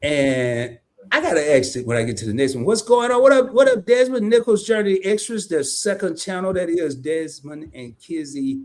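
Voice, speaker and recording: A man's voice: on the high side, moderate pace. A man with a Southern US accent co-hosting a live stream, chatting casually, joking and reading viewer comments aloud. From American South. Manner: animated, folksy, jokes and reads chat comments aloud.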